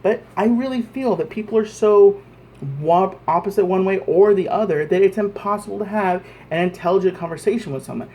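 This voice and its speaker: A man's voice: high-pitched, brisk, warm tone. A man vlogging an angry, profane rant to camera, repeating himself as he presses his points.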